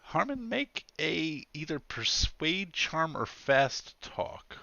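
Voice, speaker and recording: A man narrating a tabletop game as game master, lively and joking, often laughing. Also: a little high, slow, creaky, no room sound, highs cut off.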